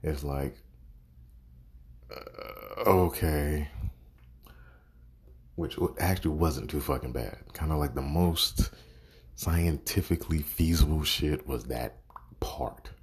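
Deep, husky man ranting about a movie. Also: slow pace, long pauses. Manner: exasperated, sarcastic, swears constantly. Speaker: movie reviewer. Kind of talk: profane casual movie rant.

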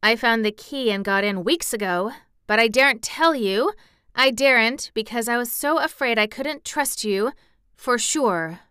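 A frank, insistent little girl from a storybook, put on by a woman reading aloud. She sounds earnest and sour-tempered, with a bright, crystal-clear tone. The voice sits close and dry. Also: on the high side, unhurried, no echo, voice pushed up.

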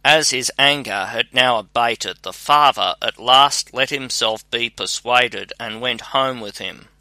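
Slow, bright-voiced male storyteller. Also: mid-range voice, dry recording. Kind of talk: scripted fairy-tale narration.

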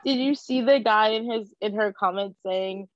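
A woman's voice: medium pitch, normal speed, dry recording. A young woman with a New Jersey accent, co-hosting a casual podcast and telling stories with lots of "like.". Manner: chatty, animated storytelling with lots of "like". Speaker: podcast co-host. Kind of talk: casual chat. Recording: dry, dull lo-fi sound.

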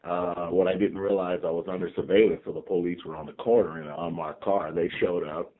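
A man in his sixties from California, a team chaplain calmly telling stories from his life as a podcast guest. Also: deep voice, brisk. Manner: calm, reflective storyteller. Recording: tinny phone-like remote line.

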